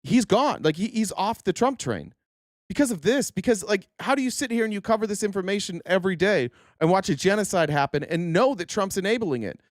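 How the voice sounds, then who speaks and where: A man's voice: sits high, lively intonation, a little fast, no room sound, studio quality. A man hosting a political livestream, ranting in a heated, profane way and repeating himself. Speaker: political show host. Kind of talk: angry livestream rant.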